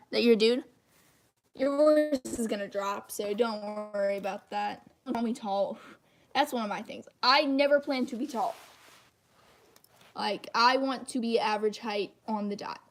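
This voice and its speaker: A teenage girl with a high-pitched voice, rambling and self-deprecating in casual livestream chat while she draws. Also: moderate pace, faint music behind. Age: teens. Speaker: channel host.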